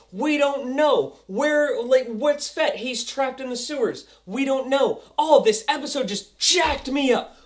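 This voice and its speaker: Young male TV reviewer, casual and excitable, acts out the action with sound effects. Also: very high voice. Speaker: TV episode reviewer.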